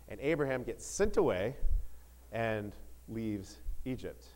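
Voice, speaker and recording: A middle-aged man from Ohio giving a sermon as pastor, upbeat and chatty, with excited whoops between points. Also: medium pitch, normal speed.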